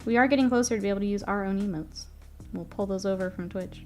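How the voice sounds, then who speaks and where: Chatty woman streamer, soft murmurs. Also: medium pitch, fast talker, faint music behind. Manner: chatty, often murmuring softly while working, laughs easily. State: stuffy nose. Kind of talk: casual live-stream chat.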